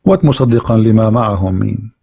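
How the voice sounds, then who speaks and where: A man with a gravelly, husky voice hosts a casual online debate call. He talks in halting bursts, repeating words as he searches for them, and grows blunt and confrontational. His tone is dark and mellow, recorded dry and close. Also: fairly low pitch, dry recording.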